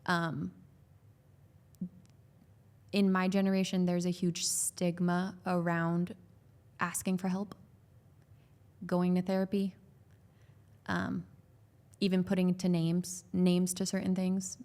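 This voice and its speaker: A woman's voice: on the low side, monotone, slow, long pauses, darkish tone. A woman who works as a growth coach and is a parent of young children. She talks about parenting as a podcast guest, in an earnest, loose way with many "like"s and restarts.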